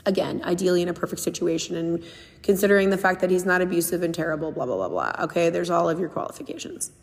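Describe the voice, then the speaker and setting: A woman's voice: lowish voice, level tone, quick pace. Young female podcast host, candid and emphatic, reverberant room sound. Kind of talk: casual solo podcast talk.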